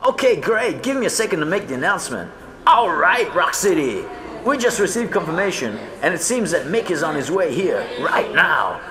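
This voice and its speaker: A man voicing a loud, hyped male venue owner announcing news to a crowd. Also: a little high, big pitch swings, moderate pace, pitched above the performer's own voice. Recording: roomy echo, faint noise.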